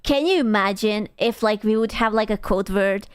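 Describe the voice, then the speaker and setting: A woman's voice: mid-range voice, normal speed, smooth, no echo, clean studio sound. A young adult woman streaming live, chatting casually with viewers in crude, teasing banter and bursts of playful squealing.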